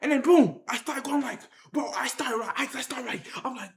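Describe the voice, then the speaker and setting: A speaker telling a wild story to viewers in casual slang, acting out fights with shouted sound effects and repeated phrases. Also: sits high, normal speed, reverberant. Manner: excited, acts out the action with sound effects and shouts. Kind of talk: animated tall-tale storytelling to viewers.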